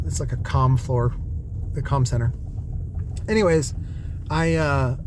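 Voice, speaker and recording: A man's voice: mid-range voice, background noise. A man vlogging from a car on a night drive, talking in a loose, rambling way with lots of fillers and restarts. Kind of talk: casual rambling monologue.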